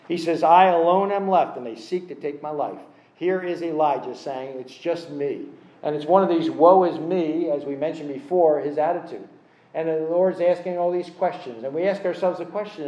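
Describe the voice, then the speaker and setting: Emphatic man preaching in an echoey room. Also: a little high. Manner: expressive, emphatic, self-deprecating asides. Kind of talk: sermon.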